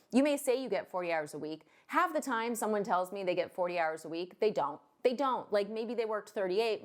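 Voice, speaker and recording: A woman loan officer ranting to camera in a vlog, blunt and fired up, swearing now and then. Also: medium pitch.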